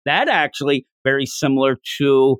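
A man's voice: medium pitch, moderate pace, clean tone, dry recording, clean studio sound. A man co-hosting a casual podcast chat, talking enthusiastically, laughing often and acting out lines as he goes. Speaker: podcast co-host.

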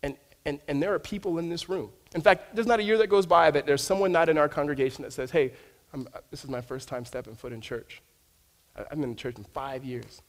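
A man's voice: on the high side, a little fast. A man preaching a sermon to his congregation, telling stories animatedly and often stammering and restarting his words. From United States. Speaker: pastor. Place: church sanctuary.

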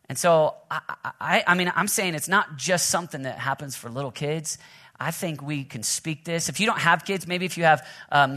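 Thirties guy preaching, bright forceful voice, talks fast and keeps restarting himself. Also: fairly high pitch. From Oklahoma. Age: 30s. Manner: energetic, fast, self-interrupting with restarts and laughs. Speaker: pastor. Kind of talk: sermon.

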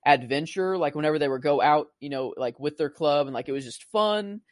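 A man's voice: fairly high pitch, fairly quick, no room sound, studio quality. A young man co-hosting a casual movie-review chat, rambling with constant "like" and "you know". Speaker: podcast co-host.

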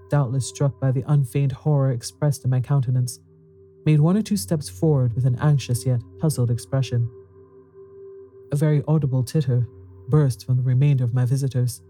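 A man's voice: mid-range voice, mellow. A man narrating a horror story in an intense, dramatic reading, rising to fearful pleading in the dialogue. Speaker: audiobook narrator.

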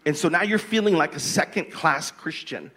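A man's voice: fairly high pitch, normal speed, sharp tone. Earnest man speaking with preacher-like emphasis. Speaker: guest, husband. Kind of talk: faith-based conversation.

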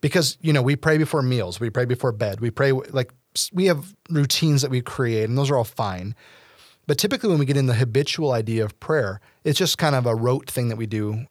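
A man's voice: medium pitch, fairly quick, no room sound, clean studio sound. A man hosting a casual faith discussion, talking earnestly at length with playful asides.

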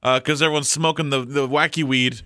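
A man's voice: medium pitch, steady tone, a little fast, bright, forceful tone, dry recording, clean studio sound. A man co-hosting a morning radio show, joking in easygoing banter with his partner. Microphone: studio microphone.

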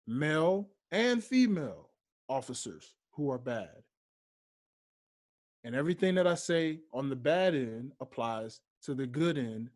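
A young man hosting a solo podcast, speaking slowly and deliberately and stressing his key points. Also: medium pitch. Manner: slow, deliberate, emphatic. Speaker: podcast host.

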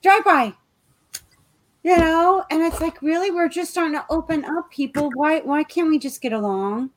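Host, woman, slightly high voice, casual and agreeable. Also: normal speed, a little hiss or hum. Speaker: podcast host. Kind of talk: casual chat.

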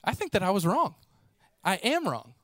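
A male preacher delivers a sermon through animated storytelling, acting out the voices of the people he describes and using casual fillers. His voice is high for a man, at a moderate pace, and sounds close and dry with no room echo.

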